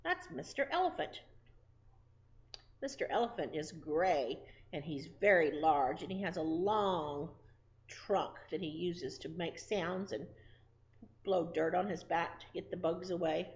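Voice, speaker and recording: A woman preschool teacher leads a circle time lesson. She talks slowly and sing-song to small children. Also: fairly low pitch, highs cut off.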